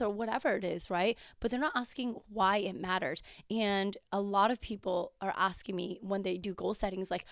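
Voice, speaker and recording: A woman hosting her own podcast in a chatty, casual way, her voice raspy as she comes down with a cold. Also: medium pitch, steady tone, moderate pace, few pauses, dry recording, clean studio sound. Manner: chatty, with fillers and quoted asides. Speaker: podcast host and coach. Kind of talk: casual solo podcast talk.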